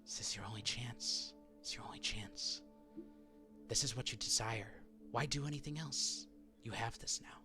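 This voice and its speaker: A man's voice: mid-range voice, normal speed, music in the background, close to an everyday voice. Man whispering as a coaxing voice in the head. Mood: insistent. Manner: soft, coaxing, insistent. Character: tempting disembodied voice inside the hero's head. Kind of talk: whispered role-play.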